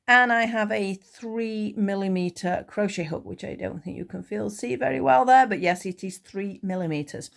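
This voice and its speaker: A chatty, enthusiastic woman in middle age leads a casual crochet tutorial. Her voice is a touch hoarse and sits at a comfortable middle pitch. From United Kingdom. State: slightly hoarse.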